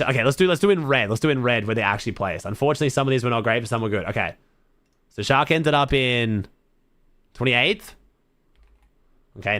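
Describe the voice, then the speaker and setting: This Australian streamer talks loosely to his audience while following a tournament, full of excitement and frequent swearing. He speaks in a lowish voice on a dry recording.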